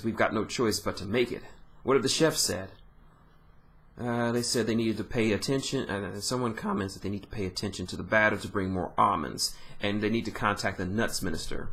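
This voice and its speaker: A man's voice: on the low side, pushed and bright. A man giving an informal, rambling recap of a manga chapter, often correcting himself.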